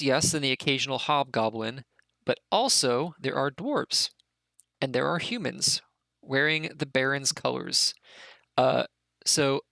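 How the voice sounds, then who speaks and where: A man's voice: medium pitch, creaky, pushed and bright, dry recording. A man narrating as game master of a tabletop game, rambling with many restarts and fillers.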